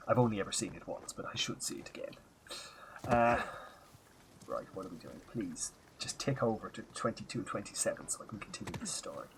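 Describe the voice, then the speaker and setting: A man's voice: fairly low pitch, vocal fry, fairly bright tone, slight background noise. A man streaming a game, telling a rambling story in a put-on Irish accent and swearing freely. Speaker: livestreamer playing a game. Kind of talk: casual gaming stream chat.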